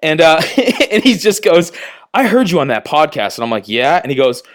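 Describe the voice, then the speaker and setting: A man's voice: a little high, big pitch swings, normal speed. A man, a guest on a podcast, telling a story in casual chat, acting out both sides of the conversations and swearing freely. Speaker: podcast guest and radio producer.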